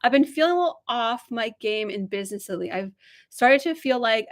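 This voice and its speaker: A woman's voice: fairly high pitch, lively intonation, a little slow, fairly bright tone. A woman working as a spiritual business coach, leading a live channeling and coaching session and encouraging viewers effusively and directly.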